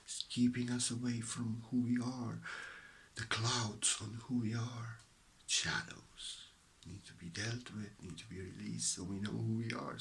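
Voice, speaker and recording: A man speaks as a spiritual teacher at home, his pitch sitting in the middle range for a man. His delivery is slow and meditative, often sinking into soft whispers before rising again. His accent is a blend picked up from living around the world, and a faint hiss sits under the recording. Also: vocal fry. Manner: slow, meditative, drifting between whispers and fuller voice. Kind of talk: spiritual talk to camera. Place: at home beside his stove.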